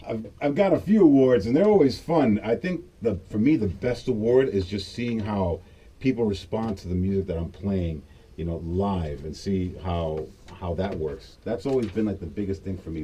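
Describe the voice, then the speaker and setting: A man from the United States, a DJ guest in a casual radio interview, talking in a relaxed, reflective way. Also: lowish voice, breathy edge. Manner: relaxed, reflective, quick to laugh. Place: radio studio.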